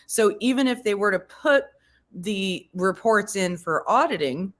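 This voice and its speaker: A woman's voice: mid-range voice, lively intonation, a little slow. A woman hosting a live stream, giving casual commentary, rambling and often restarting as she searches for words.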